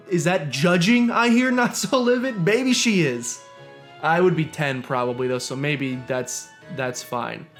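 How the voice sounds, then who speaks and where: A young man streaming a video game, joking and ranting as he plays and sometimes reading the game's lines aloud. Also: a little high. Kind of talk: casual gameplay commentary. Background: game music.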